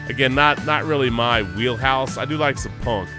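A man co-hosting a sports podcast, chatting casually in a profane, rambling, animated way. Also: medium pitch, moderate pace, music in the background. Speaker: podcast co-host.

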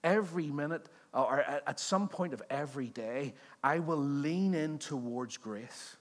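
A man's voice: fairly high pitch, unhurried. Man, pastor, sermon, chatty and joking, asks the congregation questions. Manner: conversational, joking, quizzing the congregation. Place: church service before a congregation.

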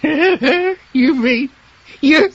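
An actor playing a cheeky, slow-witted tramp in an old-time radio drama, taunting and gloating in rough speech. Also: male voice, very high-pitched, fairly bright tone, dry recording, full character voice. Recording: dull lo-fi radio recording with hiss.

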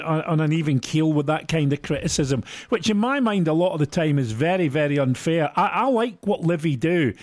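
A man hosting football radio, with a fairly high voice. He teases drily and asks long, considered questions. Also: darkish tone. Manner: dry teasing, then earnest questions. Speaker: radio show co-host. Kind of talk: sports radio chat.

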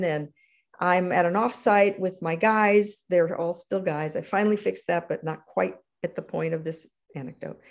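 A middle-aged woman, a guest in an interview, telling stories from her career in an animated conversational way. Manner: animated, acts out quotes with big pitch jumps. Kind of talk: conversational storytelling.

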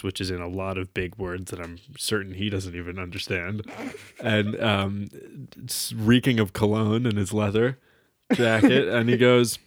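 Brief: young male podcast host, low voice, casual rambling storyteller, dry close sound. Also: no echo. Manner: rambling, swears often, many fillers.

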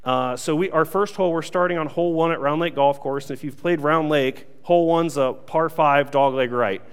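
A young man preaching a sermon, telling a funny self-mocking story in a lively way before reading scripture. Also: fairly high pitch, moderate pace, clear, resonant tone, long reverb tail. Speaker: pastor.

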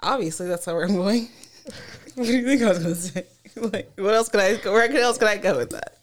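Animated young woman swearing casually. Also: mid-range voice, a little fast. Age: young adult. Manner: animated storyteller, swears freely, laughs often. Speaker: podcast co-host. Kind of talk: casual chat.

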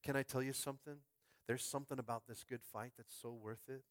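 A man preaches with fervor as the pastor of a small church. He drifts between soft, thoughtful musing and shouted climaxes, calling out to his congregation. His voice sits at a middle pitch and is captured dry and close. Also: fairly even intonation, fairly quick, no room sound. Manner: fervent, swings from quiet musing to shouted climaxes; calls out to the congregation. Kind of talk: sermon. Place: school space used as a church.

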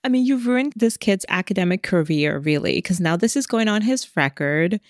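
A woman's voice: mid-range voice, lively intonation, normal speed, no echo, clean studio sound. A woman co-hosting a podcast, recapping a book in casual, joking chat with a sarcastic edge. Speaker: podcast co-host.

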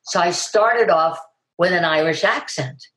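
A woman's voice: fairly low pitch, unhurried, fairly bright tone. An older woman, an actress, chatting in an interview and telling stories animatedly, acting out quoted lines with big jumps in her voice. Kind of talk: casual interview chat. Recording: echoey room.

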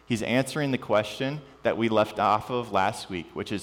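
In a church hall full of long reverb and a faint mains hum, a pastor with a lowish voice delivers his sermon at normal speed. He swings between animated peaks and quiet, emphatic lows.

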